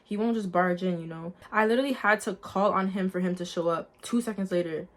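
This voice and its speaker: A woman's voice: on the low side, fairly quick. A young adult woman sharing a personal faith testimony in a casual, earnest storytelling way, talking straight to her viewers. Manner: earnest, lively storytelling, addresses viewers as guys.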